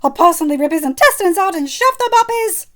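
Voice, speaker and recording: A woman doing a shrill, frantic witch mother. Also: expressive, quick pace. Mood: furious. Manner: shrill and tearful, near shouting. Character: frantic, fiercely protective middle-aged witch mother.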